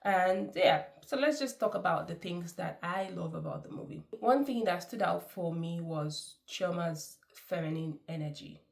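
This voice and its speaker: A woman's voice: on the low side, animated, normal speed, vocal fry, few pauses. Chatty woman reviewing a film. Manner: chatty and effusive, laughs often. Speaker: movie reviewer. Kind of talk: casual movie review.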